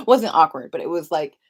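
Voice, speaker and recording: A young woman vlogger spins a casual storytime, rambling through tangents and quick to giggle. Her voice sits a little low for a woman, relaxed and conversational. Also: slightly rough.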